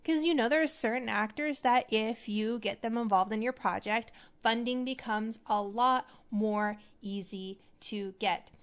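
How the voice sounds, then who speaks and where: A woman hosting an acting advice show, talking in a chatty, animated way. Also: on the high side, a little slow, hardly any pauses. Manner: chatty, animated, demonstrates voices. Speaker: podcast host.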